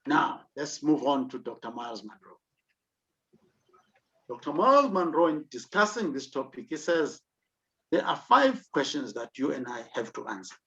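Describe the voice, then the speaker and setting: A man's voice: a little high, sing-song, moderate pace, sharp tone. Emphatic South African man lecturing. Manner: emphatic, rhetorical questions. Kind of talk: online leadership lecture. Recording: dull lo-fi recording.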